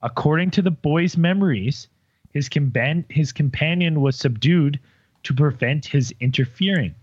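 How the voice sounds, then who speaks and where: A man's voice: a little high, moderate pace, a little mellow, husky, dry recording, muffled recording. A man in casual group chat, reading stories aloud with stumbles and jokes. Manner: rambling, stumbles over words, joking. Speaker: podcast co-host reading out stories.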